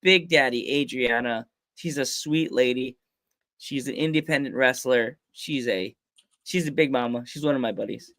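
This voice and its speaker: A man's voice: medium pitch, normal speed, fairly bright tone, no room sound, studio quality. A man in his forties hosting a podcast, chatting casually and jokily, laughing often. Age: 40s. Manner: jokey, laughs often, does goofy voices in anecdotes. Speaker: podcast host.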